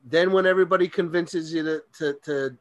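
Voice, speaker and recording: A man's voice: on the high side, fairly quick, no echo. A man in casual chat, cutting in with wry, teasing questions.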